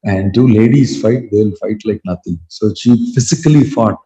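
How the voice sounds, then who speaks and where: A man, a spiritual teacher narrating a sacred story in a lively way, with acted voices. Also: lowish voice, moderate pace, echoey room, long reverb tail, dull audio. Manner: animated storytelling with acted quotes. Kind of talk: sermon storytelling. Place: temple hall.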